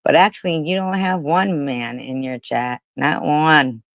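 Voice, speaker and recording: Woman streamer, slow scornful commentary, crude mouth, dry close sound. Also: sits low, creaky, no echo, poor audio. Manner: profane, mocking, disgusted. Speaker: livestream host. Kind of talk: casual livestream commentary.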